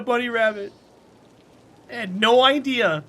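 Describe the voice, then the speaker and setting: A man's voice: high voice, sing-song, moderate pace, sharp tone. A man streaming a game and chatting casually with his viewers, friendly and talkative, answering chat by name and laughing often.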